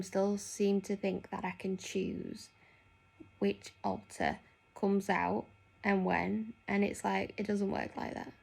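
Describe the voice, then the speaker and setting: A woman's voice: medium pitch, gravelly. A young woman chatting casually in a vlog, rambling with lots of fillers. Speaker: nurse.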